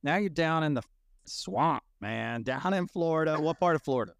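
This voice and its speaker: Guy in his 30s hosting a live chat, swears a lot, tells stories, kinda high smooth voice. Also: normal speed, no echo, studio quality. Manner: animated, swearing, storytelling. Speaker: host. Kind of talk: casual chat on a live audio space.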